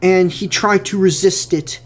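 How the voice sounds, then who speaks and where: A man's voice: sits high, steady tone, unhurried. A young man giving casual director's commentary on his fan film, rambling with many fillers and repeated words.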